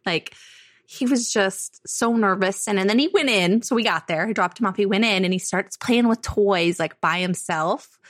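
A woman's voice: mid-range voice, moderate pace, dry recording, studio quality. A woman in her thirties co-hosting a podcast, chatting casually and laughing often as she talks about her kids. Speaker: podcast co-host. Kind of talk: casual chat.

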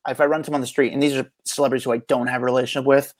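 A man's voice: medium pitch, very fast, no room sound. A male podcast co-host telling stories in casual chat, acting out what people said. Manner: animated storyteller, acts out quotes.

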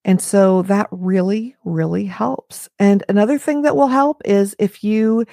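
A woman's voice: mid-range voice, measured pace, gravelly, dark tone, no room sound, studio quality. A middle-aged woman hosting a podcast, talking through advice in an earnest, conversational way with casual fillers. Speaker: podcast host.

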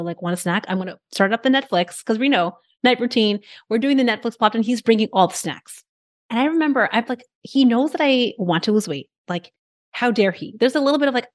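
A woman hosting a podcast interview, telling stories in an animated, casual way with lots of filler words. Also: medium pitch. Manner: animated storytelling, many "like" fillers. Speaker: podcast host.

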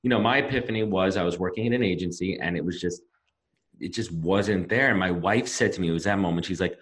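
Fast-talking man, podcast host. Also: sits low. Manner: enthusiastic, quick interjections. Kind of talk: casual interview.

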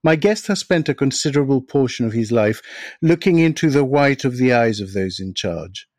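A man hosting a podcast in a reflective, measured way, his voice sitting at an ordinary pitch. The sound is close and dry, with no room around it. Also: animated, darkish tone, dry recording. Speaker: podcast host. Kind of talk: scripted intro then interview questions.

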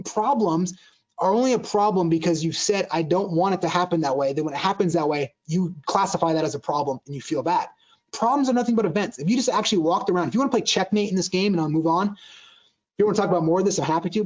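A man delivers an earnest motivational talk at a brisk clip. His voice sits a little high and he often restarts sentences mid-thought. The recording is muffled and lo-fi. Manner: earnest, restarts sentences, acts out quoted dialogue. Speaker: speaker on joy at work. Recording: dull lo-fi sound.

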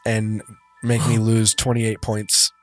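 A man's voice: lowish voice, monotone, slow, faint music behind. A man playing in a tabletop game, teasing the game master in casual chat. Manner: dry, teasing. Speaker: player.

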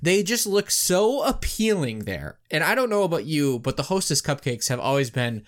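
A man co-hosting a podcast, telling a story with eager, animated bursts. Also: on the high side, normal speed. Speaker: podcast co-host. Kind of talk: casual chat, retelling a commercial.

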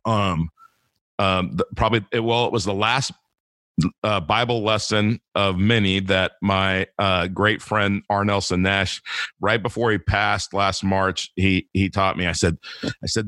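Bright-voiced man, rambling faith talk. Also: on the low side, fairly even intonation, measured pace, dry recording, studio quality. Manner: rambling, many restarts and fillers. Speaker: podcast guest. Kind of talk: casual faith conversation.

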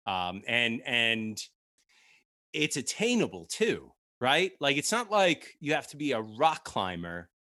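A male podcast co-host chats in an animated way, laughing often and restarting his sentences. His voice is bright and forward, and his pitch moves a great deal. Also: slow. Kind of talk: casual chat.

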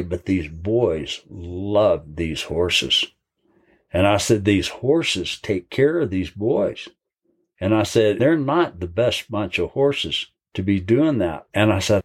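Give me an older man with a low voice spinning a folksy story about horses. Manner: folksy, long-winded storyteller. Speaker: horse trainer. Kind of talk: storytelling in an interview.

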